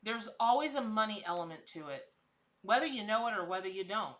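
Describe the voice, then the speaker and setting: A woman's voice: mid-range voice, lively intonation, a little fast, a bit bright. A middle-aged woman hosting a casual live-stream tarot reading. She chats with viewers, calls them by name as she answers the chat, and laughs often. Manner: laughs often, with frequent restarts.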